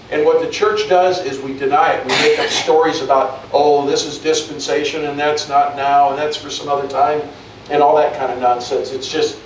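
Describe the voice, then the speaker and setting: Man preaching a loose, talky sermon; fairly high voice, recorded from a distance in an echoey hall with faint hum. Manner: conversational preaching with many restarts and repeated words. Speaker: pastor.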